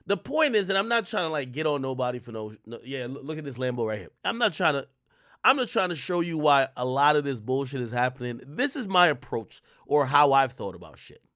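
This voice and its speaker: A man in his thirties, a streamer host, telling a story in casual, profane street slang, jumping from loud bursts to muttered asides. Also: medium pitch, very animated, a little fast, no room sound, clean studio sound.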